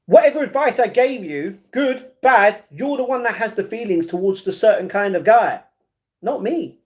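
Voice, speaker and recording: A man's voice: high-pitched, expressive, normal speed. A man chatting casually on a livestream and giving viewers blunt, repetitive advice. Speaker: streamer. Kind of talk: casual livestream chat, reading viewer comments.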